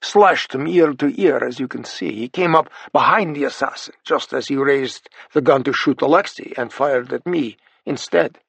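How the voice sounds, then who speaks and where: Here is a calm, matter-of-fact ally, as a male narrator voices him. He explains in a plain, even manner with a husky, gravelly voice, close and dry. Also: medium pitch, normal speed, hardly any pauses, no echo. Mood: steady.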